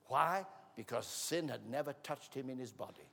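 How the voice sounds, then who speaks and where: A man preaching a sermon in an auditorium, telling a story dramatically, acting out the voices and building to shouts. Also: medium pitch, lively intonation, moderate pace, gravelly. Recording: long hall reverb.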